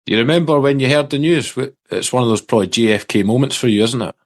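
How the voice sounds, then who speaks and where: A man's voice: medium pitch, quick pace. A Scottish man hosting a podcast, asking chatty, prompting questions in casual interview talk. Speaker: podcast host.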